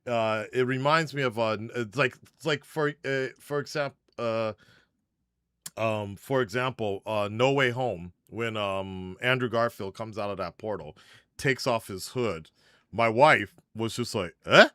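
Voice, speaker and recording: A man's voice: fairly low pitch, unhurried, fairly bright tone, clean tone, no room sound, clean studio sound. A man from Japan chatting casually about a superhero film, rambling with lots of fillers and restarts. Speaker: livestream panelist. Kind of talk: casual movie spoiler chat.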